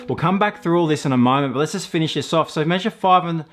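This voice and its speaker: Patient man teaching mandolin over loud playing. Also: on the high side, fast talker, few pauses, over loud music. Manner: patient, counts beats and calls pick strokes aloud. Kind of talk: step-by-step music lesson.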